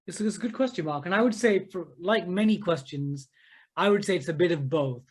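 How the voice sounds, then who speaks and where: An enthusiastic man in his thirties, a maths teacher telling animated stories as an interview guest. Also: sits high, fairly quick, breathy edge. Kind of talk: interview conversation.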